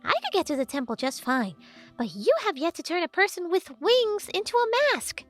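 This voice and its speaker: A woman voicing a sharp-tongued, sarcastic female fairy in an audiobook. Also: very high-pitched, very animated, normal speed, faint music behind. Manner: snarky, blunt. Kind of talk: audiobook character voice.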